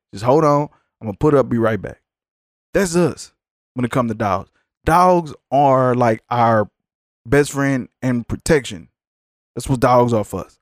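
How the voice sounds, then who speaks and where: A man hosting a podcast, ranting in a blunt, profane, animated way in a casual chat. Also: medium pitch, dry recording, studio quality. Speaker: podcast host.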